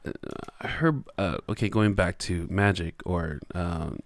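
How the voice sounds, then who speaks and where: A man co-hosting a podcast, talking through a movie in casual chat, hesitant and pausing often with fillers. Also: low-pitched, creaky, no echo. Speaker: podcast co-host.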